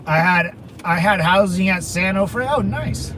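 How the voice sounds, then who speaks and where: A man talks to his viewers while he drives, rambling, restarting his sentences and tossing out crude asides. His voice sits high for a man. Loud road and traffic noise fills the recording from inside the car. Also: normal speed. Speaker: channel host chatting with viewers. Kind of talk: casual livestream chat while driving. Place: inside a car, driving around town.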